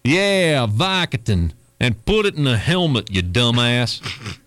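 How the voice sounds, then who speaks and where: A man voicing a gruff, blunt male football-star customer in a comedy sketch, sounding farther from the mic. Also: medium pitch, animated, takes it slowly, a bit bright, voice pushed down. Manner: blunt, insulting.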